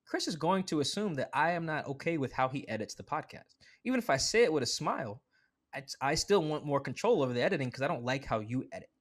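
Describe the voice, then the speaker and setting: A man talking as a guest on a sports podcast, in a casual, animated way full of asides and "like" fillers. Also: on the high side. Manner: animated, quick asides, acts out quoted voices; conversational with frequent "like" fillers.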